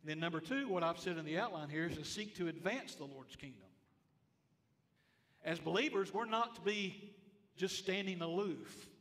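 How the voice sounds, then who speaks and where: Emphatic preacher man, bright, echoing hall. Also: high-pitched, expressive, moderate pace. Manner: emphatic, repeats phrases, asks the congregation questions. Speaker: pastor. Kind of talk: sermon. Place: church sanctuary.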